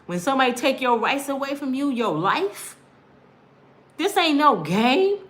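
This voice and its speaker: Impassioned woman in her fifties, rather high voice. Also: animated, unhurried, fairly bright tone. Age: 50s. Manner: emphatic, preachy, addresses listeners directly; acts out other people's words in quotes. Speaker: speaker telling her own court story. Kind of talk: impassioned personal monologue.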